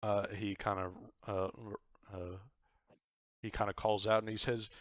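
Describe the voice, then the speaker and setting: A man narrating a tabletop game as game master, lively and peppered with "uh" and "he kinda". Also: lowish voice, unhurried, no echo, muffled recording. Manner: lively, with frequent "uh" and "he kinda" between actions.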